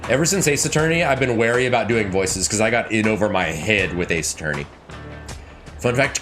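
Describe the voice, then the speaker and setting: A man's voice: mid-range voice, big pitch swings, a little fast, music in the background. A man streaming a game, reading lines aloud and adding casual, profane, joking asides. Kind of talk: let's play commentary.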